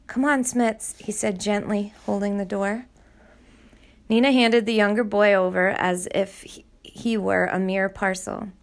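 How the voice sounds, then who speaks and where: A woman narrating a novel chapter in a steady, measured storytelling voice. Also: medium pitch. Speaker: audiobook narrator. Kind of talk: scripted narration.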